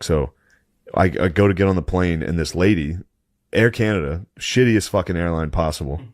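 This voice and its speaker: A man's voice: deep voice, no echo, clean studio sound. A man co-hosting a podcast, telling a rambling, crude story with mock outrage and frequent swearing. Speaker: podcast co-host. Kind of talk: casual profane storytelling.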